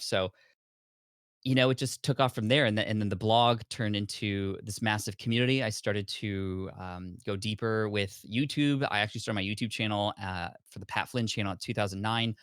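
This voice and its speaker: Lively low-voiced man telling his story. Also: clear, resonant tone, no room sound, studio quality. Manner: animated storyteller acting out his past self. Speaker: podcast guest. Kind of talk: storytelling in conversation.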